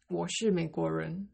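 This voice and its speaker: A woman teaching a Mandarin lesson, slowly modeling greetings and phrases for learners to repeat. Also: on the low side, gravelly, dark tone, slightly rough. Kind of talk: language lesson.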